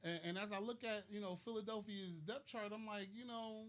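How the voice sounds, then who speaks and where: A man's voice: high-pitched, steady tone, brisk, fairly bright tone. A man in casual sports chat, thinking aloud hesitantly and tagging his points with "right?". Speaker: podcast co-host.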